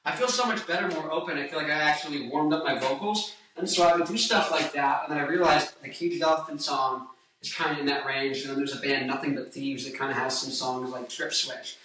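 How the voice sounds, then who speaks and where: Young male singer, bright roomy voice. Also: fairly high pitch, fairly even intonation, fairly quick, far from the mic, slight background noise. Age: 20s. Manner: rambling, jokey, breaks into song snippets. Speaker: singer and guitarist giving vocal tips. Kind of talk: casual vlog with sung demonstrations. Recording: echoey room, voice a bit off-mic.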